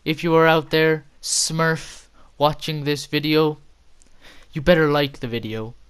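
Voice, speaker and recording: A man's voice: on the high side, steady tone, measured pace, a bit bright, clear, resonant tone. A teenage boy casually telling a story as a vlogger, rambling, stammering and swearing as he goes.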